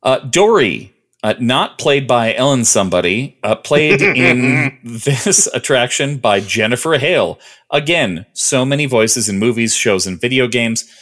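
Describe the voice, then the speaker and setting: A man's voice: medium pitch, lively intonation, a little slow, a bit bright. A man co-hosting a podcast in casual chat, listing trivia with lots of ums and uhs. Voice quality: rambling, listing trivia with many fillers. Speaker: podcast co-host.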